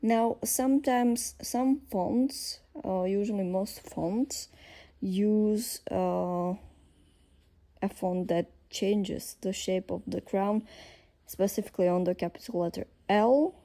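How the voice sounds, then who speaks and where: A woman with a Slovak accent teaching a language lesson, explaining slowly with frequent fillers and pauses as she thinks aloud. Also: medium pitch, mellow.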